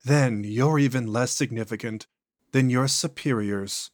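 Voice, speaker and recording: A man voicing an ancient entity speaking through a possessed man's body, slow, measured and contemptuous. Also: medium pitch, dry recording, clean studio sound, close to an everyday voice. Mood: cold contempt.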